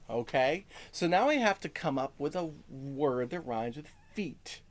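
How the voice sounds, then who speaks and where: A male music teacher giving a first-grade lesson, speaking slowly to young children, checking in with "okay?" and singing short lines. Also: on the high side, animated, slight background noise. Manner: lots of "okay?" check-ins.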